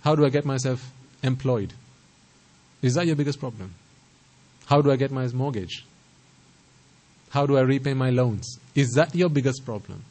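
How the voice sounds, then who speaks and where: A man's voice: medium pitch, normal speed, long pauses, a little mellow, rough recording. A man giving a Buddhist sermon, asking the listeners rhetorical questions and repeating phrases to stress his points. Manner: stresses pronunciation carefully. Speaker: Buddhist teacher.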